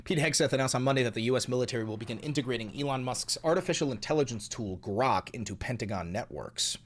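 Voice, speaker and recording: A man's voice: mid-range voice, quick pace. A young man hosting a commentary vlog, ranting in a heated, mocking and profane way. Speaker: host.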